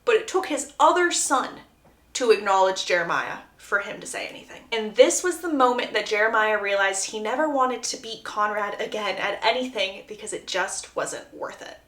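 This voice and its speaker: Animated female book recapper, gossipy, very expressive pitch, echoey room. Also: moderate pace.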